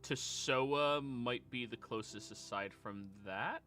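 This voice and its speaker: A man's voice: mid-range voice, takes it slowly, pushed and bright, faint music behind. A man running a tabletop game as game master, dry and matter-of-fact.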